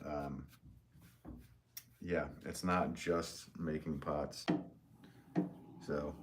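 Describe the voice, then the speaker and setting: A deep-voiced middle-aged man talks casually on a live stream, rambling and friendly as he reads out comments from the chat. His voice sits very low. Behind him there is a faint hiss of background noise. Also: a little mellow. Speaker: potter hosting a live stream.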